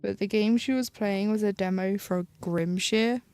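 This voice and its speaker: Chatty British woman with vocal fry. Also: medium pitch, fairly even intonation, normal speed, darkish tone, faint music behind. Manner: rambling, chatty, loses her train of thought. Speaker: live streamer. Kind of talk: casual chat while cross-stitching.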